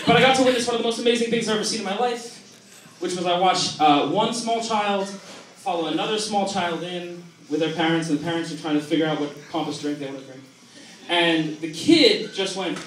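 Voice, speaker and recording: A young man in his twenties doing a profane, self-mocking stand-up comedy routine on a club stage, with an animated delivery. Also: high-pitched, slight background noise. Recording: echoey comedy club, distant mic, loud crowd. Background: loud audience laughter.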